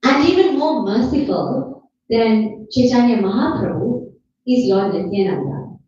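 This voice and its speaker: Woman, devotional talk, slow earnest delivery, dull distant mic, echoey hall. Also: on the high side, animated, warm tone, slight background noise. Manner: earnest, pleading, repeats phrases for emphasis. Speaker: speaker at a devotional gathering. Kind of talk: devotional talk retelling stories.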